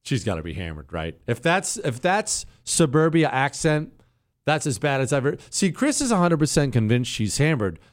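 A man hosting a casual opinion talk show, sarcastic and animated, riffing and mocking as he talks. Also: mid-range voice, normal speed, no echo, clean studio sound. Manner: sarcastic, animated, riffs and mocks.

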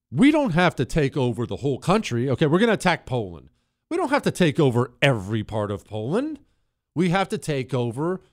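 A man hosting a talk radio show, talking in an animated, emphatic way and switching his pace suddenly. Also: on the high side, no room sound, studio quality. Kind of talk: casual talk radio monologue.

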